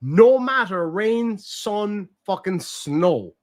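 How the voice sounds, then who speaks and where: A young man holds a loose, swear-filled chat and explains slang with animated energy. His voice sits a little higher than most men's. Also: drawn-out words. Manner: profane, animated storytelling. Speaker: streamer host. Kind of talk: casual chat.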